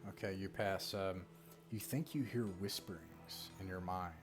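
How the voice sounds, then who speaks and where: A man with a low voice runs a tabletop game, narrating in a relaxed, casual way. Faint music plays behind him. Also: a little slow. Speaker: game master.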